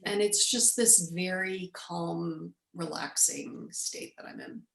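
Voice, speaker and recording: A woman in her forties, the guest, telling a personal story with lively storytelling and acted-out quotes. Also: fairly low pitch, slow, gravelly, roomy sound, rough recording. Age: 40s. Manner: animated storyteller, acts out quoted speech. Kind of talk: storytelling in an interview.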